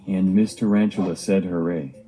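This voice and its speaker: A man's voice: lowish voice, measured pace, mellow, soft background music, poor audio. A man narrating a homemade cartoon video diary with simple, earnest storytelling.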